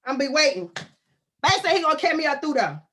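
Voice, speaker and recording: Woman, high and lively pitch; loud comic ranter, shouts often. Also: brisk, slight background noise. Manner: loud animated ranting with frequent shouting. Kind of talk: casual comic rant to camera.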